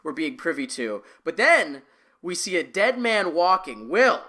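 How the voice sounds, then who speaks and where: A man's voice: a little high, very animated, a little slow, bright, forceful tone. A man co-hosting a podcast, casually recapping a cartoon in a wry, playful, amused way. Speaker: podcast co-host.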